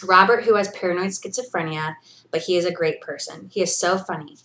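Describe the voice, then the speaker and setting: A woman in her thirties records a personal video diary, speaking briskly in a fairly low, slightly bright voice. Earnest and encouraging with many fillers, this vlogger reads from her journal and addresses viewers directly, briefly becoming emotional and near tears.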